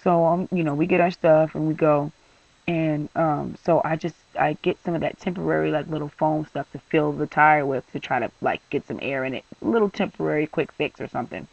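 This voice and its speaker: A man's voice: a little high, fairly quick, gravelly, dry recording, far from the mic, highs cut off. A young man venting in a vlog, rambling and exasperated with lots of fillers. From San Francisco Bay Area. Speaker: vlogger.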